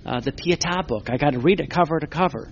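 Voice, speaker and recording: A man's voice: fairly high pitch, fast talker, gravelly, a little hiss or hum. A man preaching a sermon, earnest, asking questions and answering them himself, recorded on a muffled lo-fi recording. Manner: earnest, repeats words while building a point. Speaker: Catholic preacher.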